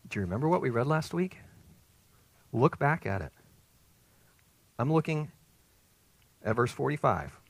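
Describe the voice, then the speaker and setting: A man preaching a sermon as pastor, animated, swinging between quiet and loud. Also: fairly low pitch, no echo.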